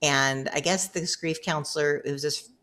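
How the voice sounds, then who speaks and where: Middle-aged woman guest, low voice, warm-humored, chatty storyteller who laughs often. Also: steady tone, normal speed. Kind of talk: casual storytelling.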